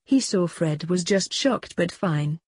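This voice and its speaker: A woman narrating a story aloud in an even, unhurried way, with a husky voice. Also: fairly low pitch, dry recording, clean studio sound. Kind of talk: storybook reading.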